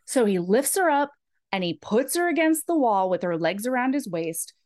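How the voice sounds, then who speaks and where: A woman's voice: on the high side, animated, moderate pace, a little mellow. A woman hosting a podcast who recaps a novel in a chatty, casual way with many "like"s. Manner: chatty, full of "like". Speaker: podcast host.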